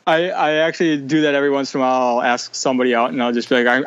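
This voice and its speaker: A man's voice: medium pitch, level tone, rapid-fire, muffled recording, noisy background. A man talking candidly on a video call, rambling and opinionated as a guest. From United States. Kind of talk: casual video-call interview.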